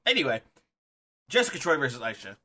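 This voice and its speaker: A young man co-hosts a casual podcast chat, excitable and quick to laugh, swearing freely. His voice is very bright and ringing, set at an ordinary middle pitch. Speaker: podcast co-host.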